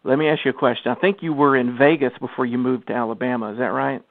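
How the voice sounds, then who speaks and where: A man's voice: medium pitch, fairly even intonation, fast talker, vocal fry, no echo. A man hosting a radio interview, enthusiastic and laughing easily in casual chat. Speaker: radio show host. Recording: tinny phone line.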